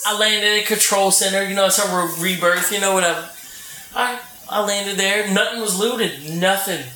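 Man, high-pitched, profane and animated, casual banter, echoey and noisy room. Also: brisk. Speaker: gamer friend. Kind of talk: casual chat.

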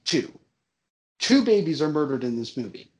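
A man with a fairly high voice and wide pitch swings rants casually about a movie he disliked, speaking at normal speed with a darkish tone. He's emphatic and profane, often repeating himself for effect.

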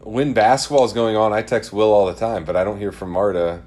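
A man's voice: on the low side, steady tone, fairly quick, a little mellow. A man co-hosting a casual fantasy sports chat, teasing his friend and steering the topics.

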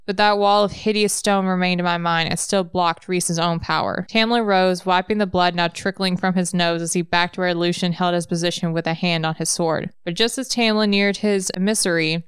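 A woman reading a fantasy novel aloud in a measured, even narration. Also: on the low side, smooth, dry recording, clean studio sound. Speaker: reader.

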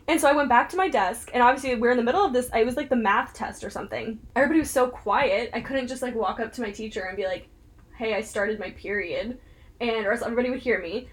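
A young woman from Ohio chats casually with friends, her voice high and her words tumbling out quickly. She tells stories in an animated, giggly way. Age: young adult. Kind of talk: casual chat.

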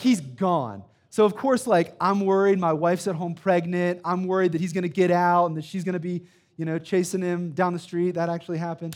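Emphatic male preacher, fairly high voice. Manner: emphatic preaching with repeated "right?" and a personal story. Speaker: student pastor. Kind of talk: sermon. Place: church sanctuary.

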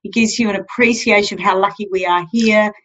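A woman who is a guest on a podcast, speaking in an expressive, emphatic way. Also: mid-range voice, fairly quick. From Australia. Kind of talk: casual podcast conversation. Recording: slightly dull, lo-fi audio.

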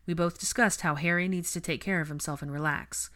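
A woman voicing a protective, sharp-tongued young woman in a storybook reading, in her own low voice. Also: fairly even intonation, brisk, natural voice. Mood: firm. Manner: snappy, reassuring.

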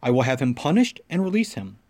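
A man's voice: medium pitch, sing-song, fast talker, darkish tone. A man reading the part of an uneasy Roman governor, pressing and questioning earnestly. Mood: pleading.

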